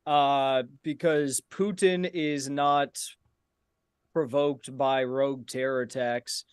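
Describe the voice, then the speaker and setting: A man's voice: mid-range voice, steady tone, slow, clear, resonant tone, dry recording, studio quality. A young man in a heated online debate, giving long answers in a taunting, argumentative way. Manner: taunting, repeating a jab.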